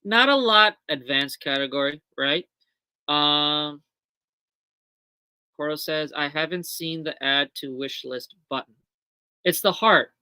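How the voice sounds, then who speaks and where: A woman's voice: low voice, slow, long pauses, bright, forceful tone, clear, resonant tone, no room sound. A woman hosting a casual live stream from a small shop, chatty and full of ums and self-corrections. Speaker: shop host on a livestream. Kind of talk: casual live product walkthrough.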